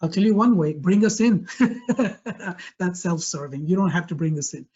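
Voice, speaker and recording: A man giving a live webinar presentation over a video call, energetic and emphatic, often repeating his key phrases. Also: sits high, moderate pace, breathy edge, highs cut off.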